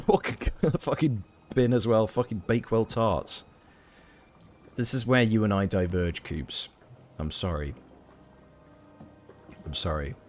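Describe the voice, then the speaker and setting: A man's voice: fairly low pitch, slow pace, long pauses, a little mellow, slight background noise. A Welsh man chatting casually with his live chat while streaming a video game, rambling through playful tangents. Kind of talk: casual live gameplay commentary.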